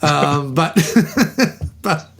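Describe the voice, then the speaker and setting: A man's voice: fairly high pitch, extremely slow, gravelly, sharp tone. A man hosting a podcast, chatting casually and going off on joking, rambling tangents. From England. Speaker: podcast host. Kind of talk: casual chat.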